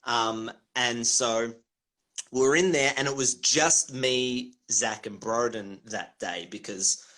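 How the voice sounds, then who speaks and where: A man's voice: mid-range voice, slow, bright, forceful tone. An Australian man, a comedian guest, telling rambling stories in a casual interview, swearing freely and laughing often. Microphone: video call.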